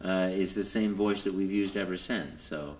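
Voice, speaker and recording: A man being interviewed at a convention, telling his story with lots of fillers and jumping into high put-on voices for quotes. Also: normal speed, reverberant. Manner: lots of fillers and repeated words. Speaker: voice actor guest. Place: convention hall.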